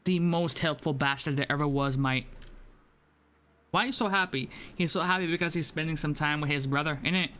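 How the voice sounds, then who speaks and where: Excitable, cursing gaming streamer man. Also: a little high, a little fast, a little hiss or hum. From Sweden. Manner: excitable, swearing, jokey put-on British slang. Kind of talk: let's play commentary.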